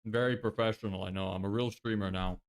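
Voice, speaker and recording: A man's voice: fairly low pitch, steady tone, fast talker. A young man casually chatting on a live stream, exasperated and swearing often as he answers viewers. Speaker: livestreamer.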